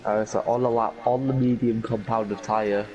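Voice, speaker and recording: A man doing live commentary on a sim racing session, conversational and quick to react with exclamations. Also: lowish voice, fairly even intonation, warm tone, lo-fi sound.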